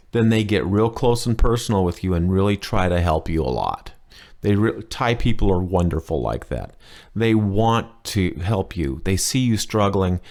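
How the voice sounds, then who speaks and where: A man teaching a language lesson in a chatty, enthusiastic way, explaining slowly and repeating key words. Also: fairly low pitch, a little mellow. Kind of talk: casual spoken lesson.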